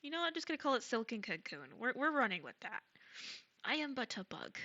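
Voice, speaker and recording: A woman streamer chatting casually with her viewers, soft and gushing, stumbling over ums and restarts, still getting over a cold. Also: on the high side, big pitch swings, brisk, muffled recording. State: recovering from a cold. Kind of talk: casual live-stream chat. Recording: streamer's mic with music behind.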